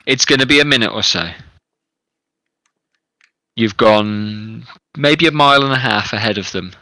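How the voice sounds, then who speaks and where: A man narrating a tabletop game as game master, with measured, descriptive storytelling. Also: mid-range voice, bright, forceful tone, no room sound, rough recording.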